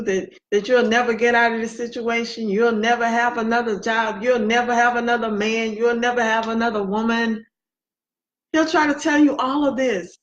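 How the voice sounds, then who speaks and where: Woman preaching, slow and emphatic, kinda high voice, dull lo-fi sound. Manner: emphatic, repeats key phrases for effect. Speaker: motivational faith speaker. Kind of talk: inspirational faith talk. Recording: dull lo-fi recording.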